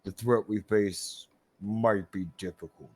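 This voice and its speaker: A man playing a tabletop role-playing game, speaking calmly and dryly in character. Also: fairly low pitch, slow pace, slightly rough. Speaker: player.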